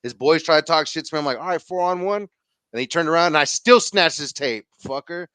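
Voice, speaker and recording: A man's voice: fairly high pitch, a little fast, clean tone, no room sound. A man casually telling a rowdy story as a podcast guest, slangy and profane, acting out the quotes. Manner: slangy, profane, animated retelling with acted quotes.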